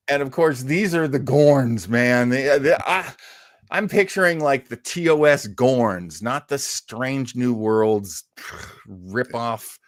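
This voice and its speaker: A man's voice: mid-range voice, takes it slowly, dry recording, clean studio sound. A man co-hosting a casual review show, rambling and stumbling over his words with fan enthusiasm. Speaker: podcast co-host.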